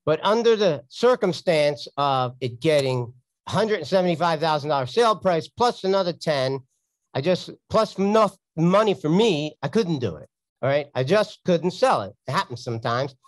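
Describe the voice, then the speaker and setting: A man's voice: on the high side, lively intonation, normal speed, no room sound. A man, a real estate investor telling a story in a blunt, sarcastic, casual teaching talk.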